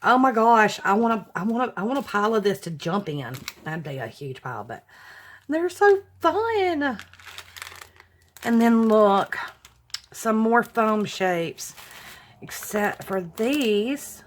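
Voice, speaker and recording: Woman, craft vlogger, slow gushing unboxing chat, mid pitch. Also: expressive, slight background noise. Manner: gushing, exclaiming over each item. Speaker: craft vlogger opening mail.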